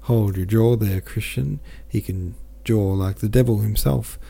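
A man's voice: lowish voice, measured pace, creaky, mellow, slightly rough, full character voice. A man muttering as a coarse dock worker. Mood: gossiping. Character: rough male dock worker, gossiping in the crowd.

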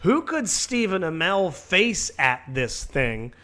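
Bright-voiced profane podcast host. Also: male voice, high-pitched, sing-song, takes it slowly. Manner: rambling, profane, laughs at his own jokes. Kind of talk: crude comedic wrestling podcast banter.

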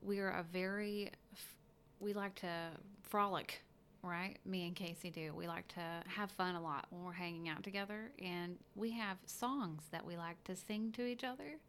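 Woman, slightly low voice, podcast co-host, casual chat, chatty, rambling, laughs a lot. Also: moderate pace, fairly bright tone, slight background noise.

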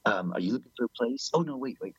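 A man telling stories in a rambling, animated way, swearing freely and acting out the people in them. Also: mid-range voice, fast, husky, no echo, muffled recording. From Canada. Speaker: musician guest. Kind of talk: casual storytelling interview.

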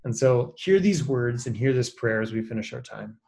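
A man leading a reflective closing talk as a pastor on a video call, speaking slowly with hesitant fillers. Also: medium pitch, expressive, vocal fry, a little mellow. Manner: slow, measured, with hesitant fillers.

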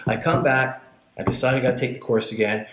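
Man, candid storyteller, swears freely, mid-pitched, roomy mic sound. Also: fast, slight background noise. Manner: blunt, swears a lot, animated when retelling scenes. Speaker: guest telling his life story. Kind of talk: casual storytelling chat.

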